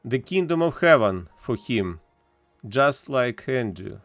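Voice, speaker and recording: A man reading a novel aloud as narrator, measured and deliberate, with an occasional filler. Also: medium pitch, sing-song, fairly bright tone, no echo, faint music behind. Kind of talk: audiobook reading.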